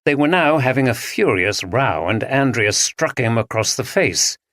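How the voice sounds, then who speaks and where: A man reading a story aloud as an audiobook narrator, with expressive storytelling. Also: mid-range voice, moderate pace, no echo, clean studio sound. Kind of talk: scripted narration.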